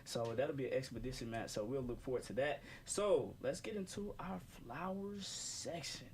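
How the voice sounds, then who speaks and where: A man's voice: mid-range voice, moderate pace, a little mellow, slight background noise. A young man hosting a casual student radio sports show, joking and laughing often between segments. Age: young adult. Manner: jokey, laughs often, repeats "without further ado". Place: college radio studio. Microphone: studio microphone.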